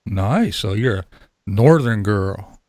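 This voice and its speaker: Chatty man hosting with a gravelly voice. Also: on the low side, animated, takes it slowly, darkish tone, no echo, studio quality. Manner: upbeat, chatty, laughs often, restarts sentences. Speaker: interview host. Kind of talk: casual interview chat.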